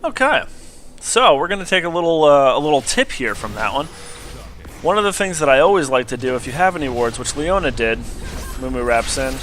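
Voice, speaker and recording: A young man casually commentating a replay of his own match, getting excitable at big plays. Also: a little high, brisk, slight background noise. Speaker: gameplay commentator.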